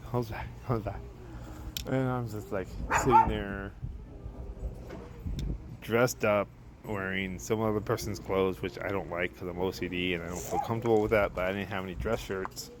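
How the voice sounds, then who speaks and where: Man, very low voice, rambling casual storytelling, outdoors, noticeable background noise. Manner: rambling, self-correcting, casually profane. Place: outdoors at a backyard barbecue.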